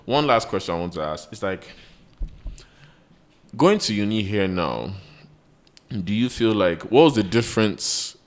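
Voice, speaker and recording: A young man, co-hosting a podcast and telling rambling, animated stories full of "like". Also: on the low side, a little slow, long pauses. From Nigeria. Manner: rambling, animated, heavy use of "like". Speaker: podcast co-host. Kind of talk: casual storytelling chat.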